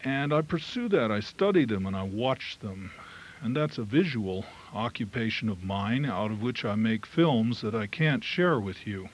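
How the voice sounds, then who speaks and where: A man's voice: on the low side, expressive, normal speed, slightly rough, poor audio. A man, a filmmaker giving a lecture, speaking in a reflective, personal way. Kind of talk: lecture to an audience.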